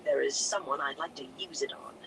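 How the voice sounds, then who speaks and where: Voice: mid-range voice, a little fast, noisy background, close to an everyday voice. A reader voicing a stubborn, hot-tempered young woman who talks stiffly and growls her words.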